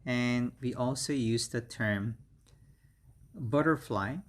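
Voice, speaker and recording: A middle-aged man whose first language is Korean, teaching beginner English vocabulary slowly and repeating each word several times. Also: on the low side. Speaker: English instructor. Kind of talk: slow beginner vocabulary lesson.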